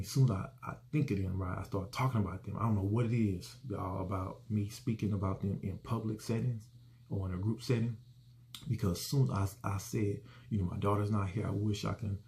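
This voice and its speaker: A man's voice: low voice, vocal fry, warm tone. A middle-aged man hosting his own show, talking casually and earnestly about his life, rambling and repeating himself. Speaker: host. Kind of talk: casual personal reflection.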